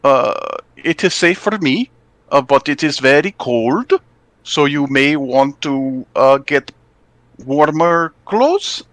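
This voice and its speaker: A man voicing a huge, earnest male frost giant who speaks with a Canadian accent, in a halting, formal way with many pauses. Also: a little high, expressive, fairly bright tone, dry recording, pitched above the performer's own voice.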